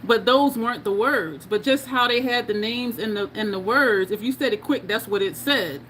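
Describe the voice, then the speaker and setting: A woman's voice: fairly high pitch, normal speed, a bit bright, a little hiss or hum. Chatty woman doing a makeup livestream. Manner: chatty, laughs often, reads viewer comments aloud. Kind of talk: casual livestream chat while doing makeup.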